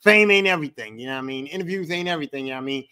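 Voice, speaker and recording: A man's voice: a little high, very fast, sharp tone, clear, resonant tone. A man hosting a podcast alone, ranting in a heated, profane, repetitive way. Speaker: podcast host. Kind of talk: angry solo podcast rant.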